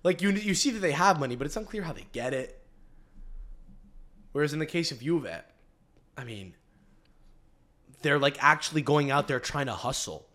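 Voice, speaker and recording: Rambling, swearing podcast host. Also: male voice, fairly high pitch, animated, moderate pace, pauses often, fairly bright tone. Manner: rambling, profane, restarts often. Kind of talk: casual podcast chat.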